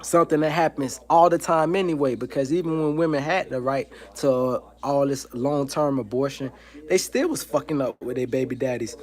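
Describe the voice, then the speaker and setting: A man's voice: medium pitch, brisk. A man hosting a livestream from home, ranting in a heated, profane, emphatic way and repeating his points. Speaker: livestream host.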